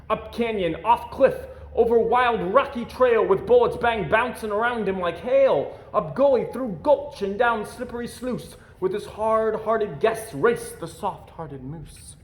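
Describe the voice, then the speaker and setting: A man reading a rhyming picture book aloud with an expressive, rhythmic delivery. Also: high voice. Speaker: storyteller. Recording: echoey room.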